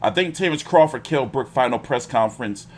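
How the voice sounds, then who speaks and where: Animated, profane man hosting a live stream. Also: mid-range voice, brisk, slight background noise. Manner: profane, animated storytelling with slang. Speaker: boxing live stream host. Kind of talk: casual live stream chat.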